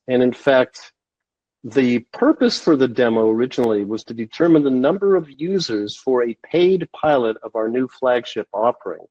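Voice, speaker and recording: A man being interviewed on a podcast, telling a story at a steady, measured pace. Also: mid-range voice, no echo. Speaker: guest, sales consultant. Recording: dull, dry lo-fi sound.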